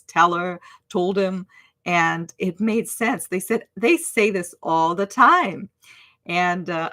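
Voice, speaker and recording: A woman's voice: deep voice, a bit bright. A middle-aged woman, an online language teacher and coach, speaking casually on a livestream with many fillers and restarts and saying example phrases aloud. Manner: chatty, with many fillers and self-corrections.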